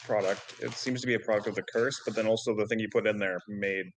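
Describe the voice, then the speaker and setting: A man's voice: fairly low pitch, fairly even intonation, fast talker, a little hiss or hum, poor audio. A man playing a tabletop role-playing game who banters in character, blunt and sardonic, lecturing the others. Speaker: player.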